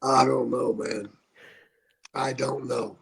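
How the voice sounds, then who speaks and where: A man's voice: mid-range voice, little pitch movement, a bit bright. An older man, a retired wrestler, telling profane stories in a casual podcast chat. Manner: slow, gravelly, profane storytelling.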